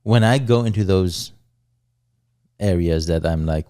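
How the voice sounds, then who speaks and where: A man's voice: low voice, unhurried, dark tone, smooth. A man co-hosting a podcast, speaking bluntly with a lot of swearing. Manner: blunt, profane, self-critical. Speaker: podcast co-host. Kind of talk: casual chat.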